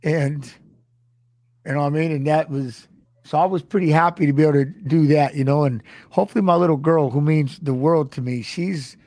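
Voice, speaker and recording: Middle aged guy getting choked up, stumbles and repeats himself, kinda high voice, dry close sound. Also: warm tone, no echo. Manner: halting, repeats himself, near tears. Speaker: former fighter and guest. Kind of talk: emotional storytelling.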